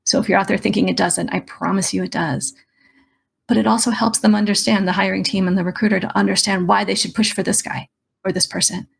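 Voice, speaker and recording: A woman's voice: medium pitch, flat delivery, quick pace, gravelly, slightly rough. A woman career coach giving emphatic, persuasive advice in a podcast interview. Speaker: career coach and resume writer.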